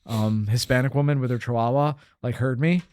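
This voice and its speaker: A man's voice: mid-range voice, a little fast, darkish tone, clear, resonant tone, no room sound, clean studio sound. A man hosting a podcast in casual, crude, rambling chat full of fillers and jokes. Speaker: podcast host.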